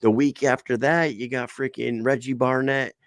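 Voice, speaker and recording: A man's voice: medium pitch, steady tone, moderate pace, dry recording, clean studio sound. A man co-hosting a sports podcast, telling rambling, profane stories and correcting himself as he goes. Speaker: podcast co-host. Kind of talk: casual sports podcast chat.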